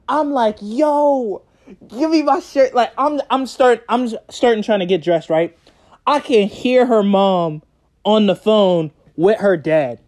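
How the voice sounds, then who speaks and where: Animated young man telling a story. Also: extremely high pitch. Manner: animated, profane, laughs while telling. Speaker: vlogger. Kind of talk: casual storytime.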